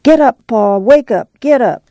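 A man voicing a determined middle-aged farm mother, talking firmly and briskly. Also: high voice, creaky, mellow, no room sound. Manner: firm, brisk, commanding.

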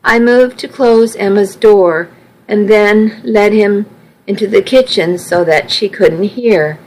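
A woman's voice: mid-range voice, takes it slowly, a little mellow, poor audio. A woman reading a first-person story aloud with earnest, emotional storytelling. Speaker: audiobook narrator. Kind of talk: first-person scripted narration.

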